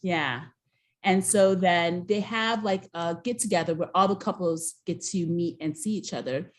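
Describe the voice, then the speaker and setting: A woman co-hosting a casual recap show, telling the story with lively, acted-out dialogue. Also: on the low side, normal speed. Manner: animated storyteller, acts out quoted dialogue.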